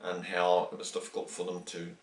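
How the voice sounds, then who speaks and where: A middle-aged man from New Zealand tells a story in a casual interview, his voice on the low side. He acts out the lines he quotes, with restarts along the way. He sits away from the mic, and the room echoes around him. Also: a little fast, vocal fry. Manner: animated, acts out quoted dialogue, many restarts. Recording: roomy, distant from the mic.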